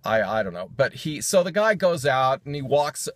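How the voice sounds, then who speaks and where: A man's voice: medium pitch, big pitch swings, normal speed, noisy background. A man casually recapping a sermon's jokes, rambling with fillers and self-corrections and chuckling as he goes. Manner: chuckles while telling jokes.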